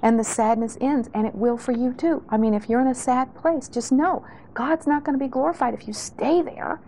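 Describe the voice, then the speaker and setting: A woman's voice: high voice, normal speed, warm tone, slight background noise, low-quality recording. A middle-aged woman giving an earnest, heartfelt spoken testimony in a sermon, often restarting her phrases. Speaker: speaker sharing testimony.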